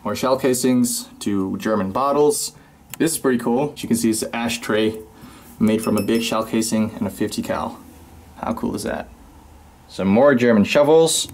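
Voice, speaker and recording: A Dutch man with a Dutch accent, a collector and channel host, gives an enthusiastic show-and-tell tour of the collection room in his home, pointing out items one at a time. His voice is fairly low and darkish, at a normal speed.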